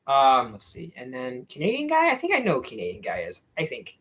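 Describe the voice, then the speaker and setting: A man's voice: mid-range voice, huge pitch swings, a little fast, fairly bright tone, poor audio. A young man in casual live-stream chat, rambling with many fillers and restarts as he answers viewers. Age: young adult. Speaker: YouTube streamer.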